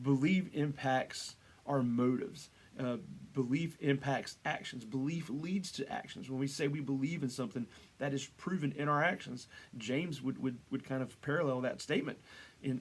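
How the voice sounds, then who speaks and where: A man's voice: medium pitch, husky. Man, pastor, casual devotional sermon, conversational, restarts and asides, rises on rhetorical questions.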